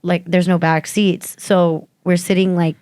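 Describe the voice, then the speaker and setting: A woman telling stories in a casual podcast chat, animated and swearing freely. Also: unhurried, no echo, clean studio sound. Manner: animated storyteller, jumps into high voices for quotes. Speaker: podcast co-host.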